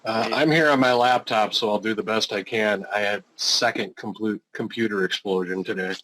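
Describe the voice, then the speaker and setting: A man's voice: on the low side, steady tone, moderate pace, pushed and bright, poor audio. A man talking casually on a laptop during an online class meeting, in an easygoing, playful way. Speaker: class participant, team lead. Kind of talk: casual call talk.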